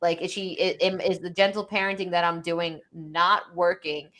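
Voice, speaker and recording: A woman's voice: on the low side, little pitch movement, normal speed, a bit bright. A young woman co-hosting a casual podcast, telling a parenting story with many "like"s and quoted lines. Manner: storytelling, quoting her toddler with lots of "like". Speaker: podcast co-host. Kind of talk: casual chat.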